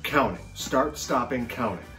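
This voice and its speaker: A middle-aged man chatting casually at home about his collecting, rambling and joking, with sudden excited bursts. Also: medium pitch, moderate pace, recorded from a distance, faint music behind. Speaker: collector vlogger. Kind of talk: casual chat to camera.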